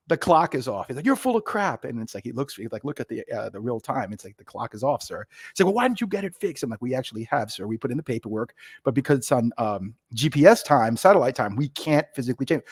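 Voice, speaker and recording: Middle-aged new guy, talks real fast, animated storyteller, dry close sound. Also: mid-range voice, no room sound. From New York. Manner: animated, acts out bosses in quoted voices. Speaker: podcast guest, retired Marine officer. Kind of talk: casual storytelling.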